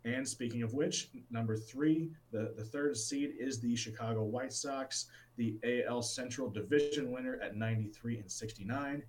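A man's voice: medium pitch, moderate pace, few pauses, darkish tone, a little hiss or hum, low-quality recording. A man co-hosting a casual sports talk show, enthusiastic and rambling, with plenty of restarts. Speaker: sports podcast co-host.

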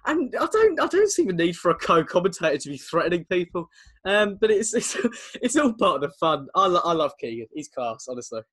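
A young English man co-hosting a casual football podcast over a video call, chatty and quick to laugh. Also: high voice, big pitch swings, pushed and bright, husky. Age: young adult. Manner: chatty, laughs often, teasing. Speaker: podcast co-host.

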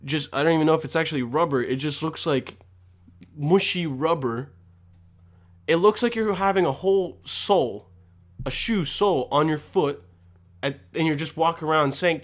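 A man's voice: on the high side, lively intonation, normal speed, a bit bright. A young man ranting to camera with constant swearing, rambling and mock exasperation. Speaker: vlogger. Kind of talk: profane comedic rant.

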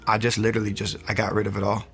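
A man's voice: fairly low pitch, completely flat delivery, rapid-fire, a bit bright, faint music behind. A man in his thirties, an interview guest, giving a personal faith testimony in an earnest, rambling way and acting out the lines he once said. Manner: earnest, rambling storyteller, acts out his own quotes.

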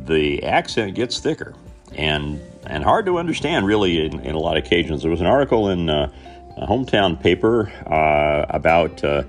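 A man with a Southern Indiana accent rambles through a story, stopping and restarting often. His voice is very deep and gravelly, and its pitch rises and falls a lot. Soft guitar music plays behind him. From Southern Indiana, USA. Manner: rambling, halting with many fillers and restarts. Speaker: podcast host. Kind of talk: casual storytelling monologue.

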